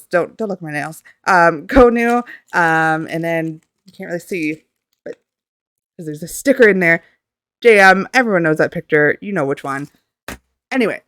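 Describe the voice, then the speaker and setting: A young woman telling a story in a casual vlog at home, excitable and flustered, rambling and swearing as she goes. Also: lowish voice, smooth, no room sound. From Canada. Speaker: vlogger.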